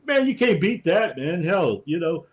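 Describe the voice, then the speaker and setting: Reactive male interviewer, lively pitch. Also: normal speed. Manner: reacts with short exclamations. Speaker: interview host. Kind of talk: casual interview.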